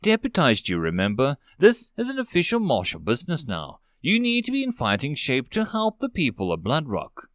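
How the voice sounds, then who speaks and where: A woman's voice: deep voice, huge pitch swings, normal speed, few pauses, no room sound, clean studio sound. Man voicing Rook, a stern woman marshal. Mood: commanding. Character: stern, commanding woman marshal, quick to give orders.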